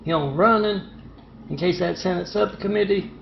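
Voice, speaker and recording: A man voicing a male pilot with a thick foreign accent, who speaks in a casual, halting boast. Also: high voice, vocal fry, a little hiss or hum, voice pushed up. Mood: offhand. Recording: roomy dull lo-fi recording.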